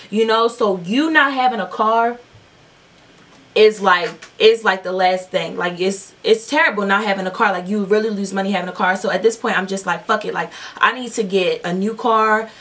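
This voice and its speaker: Young woman, vlogger, casual storytime, rambling, profane, mid pitch, slightly distant mic. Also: moderate pace, fairly bright tone. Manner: rambling, profane, lots of fillers. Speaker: beauty vlogger. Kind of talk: casual storytime while doing makeup.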